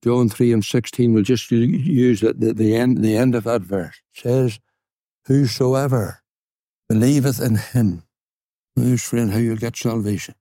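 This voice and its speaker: A man's voice: mid-range voice, steady tone, mellow, dry recording, studio quality. Earnest Northern Irish man preaching. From Northern Ireland. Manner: earnest, repeats words for emphasis; slows down and stresses key phrases. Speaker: gospel preacher. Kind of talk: evangelistic sermon.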